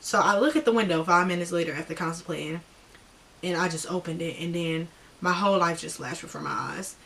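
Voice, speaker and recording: Animated young woman telling a story. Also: lowish voice, fairly quick, vocal fry, distant mic. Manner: animated, slangy, acts out friends' lines. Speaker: vlogger. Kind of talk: casual storytime.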